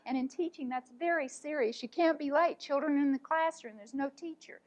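Woman, high-pitched voice, earnest heartfelt storytelling, soft-spoken, art teacher. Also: fairly quick, dull audio. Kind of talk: personal storytelling talk.

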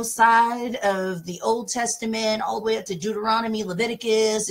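A woman's voice: on the high side, husky. A woman talk show host, speaking emphatically and passionately in casual talk about scripture and reading verses aloud.

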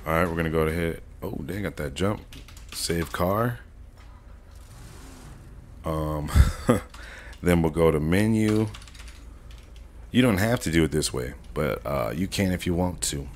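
A man streaming a casual live modding tutorial, chatting in relaxed slang and thinking aloud as he goes, often correcting himself. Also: deep voice, unhurried, long pauses, slight background noise. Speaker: gaming streamer.

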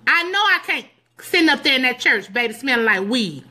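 A middle-aged woman giving sassy, teasing comedic church advice to her viewers, animated and preachy with loud whoops. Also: sits high, a little fast. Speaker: comedic commentator addressing live viewers.

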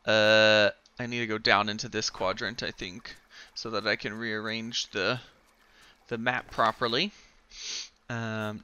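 A man giving excited, giggly let's play commentary while thinking aloud through a puzzle game. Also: on the low side, measured pace, clear, resonant tone. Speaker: gamer playing a video game.

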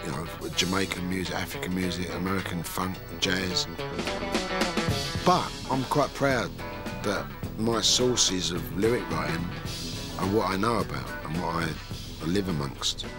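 A musician being interviewed, talking in a cheeky, blunt way and swearing freely. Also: male voice, deep voice, unhurried. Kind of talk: reflective interview talk. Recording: music playing underneath.

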